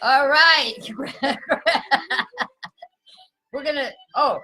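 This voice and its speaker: A woman's voice: high-pitched, very slow, low-quality recording. A woman hosting a casual holiday chat, joking and laughing as she talks, with music playing behind her. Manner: giggly, animated, keeps breaking into laughter. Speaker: host.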